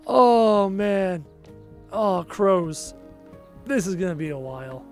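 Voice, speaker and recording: A young Canadian man, accent to match, chats on a gaming stream as soft music plays, working through his thoughts aloud and answering viewers. His high voice is animated yet slow, with frequent pauses and a darkish tone.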